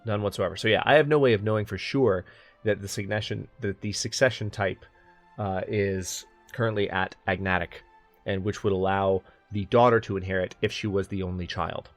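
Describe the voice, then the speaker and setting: A man with a fairly low voice talks through a strategy game in an easygoing, rambling way, thinking aloud as he plays. Soft music runs quietly beneath his talk. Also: fairly even intonation, normal speed. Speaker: let's play host. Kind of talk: casual gaming commentary.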